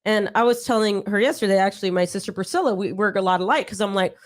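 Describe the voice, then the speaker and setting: A young adult woman co-hosting a casual live chat, telling animated stories and laughing often. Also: mid-range voice, quick pace. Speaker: podcast co-host.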